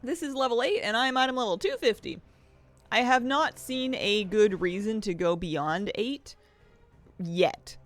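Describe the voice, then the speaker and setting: A game streamer talking casually from a home office, chatty and rambling and quick to laugh. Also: mid-range voice, a bit bright, faint music behind. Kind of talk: casual chat while streaming a video game.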